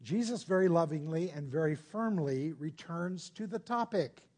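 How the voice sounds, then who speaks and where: A man's voice: on the high side, lively intonation, moderate pace, darkish tone. A man preaching a conversational sermon, explaining patiently and putting rhetorical questions to his listeners.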